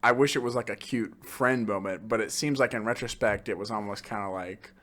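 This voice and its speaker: A young man co-hosting a casual movie podcast, going hoarse and laughing often as he acts out quoted lines. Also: on the low side, brisk, fairly bright tone. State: losing his voice. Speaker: podcast co-host.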